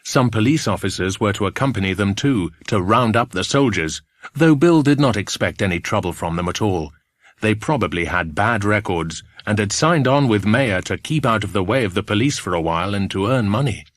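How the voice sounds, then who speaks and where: A man reading a children's adventure story aloud, clear and measured, his pitch moving expressively. Recorded close on a studio mic, completely dry. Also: lively intonation, no room sound. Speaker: narrator. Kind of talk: audiobook reading.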